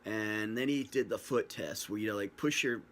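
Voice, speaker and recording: A man with a fairly low voice tells his own story to a camera at home, rambling and joking as he acts out what people said. He is recorded on a built-in camera mic, with a faint hiss behind him. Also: moderate pace. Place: at home, facing a screen camera.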